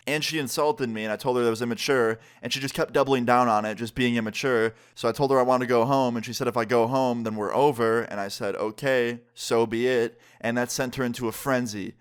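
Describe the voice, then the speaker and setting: A man's voice: medium pitch, smooth. A young man telling a personal story in casual storytime style, acting out dialogue and filling his speech with "like". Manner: animated, quoting others in quick dialogue with lots of "like".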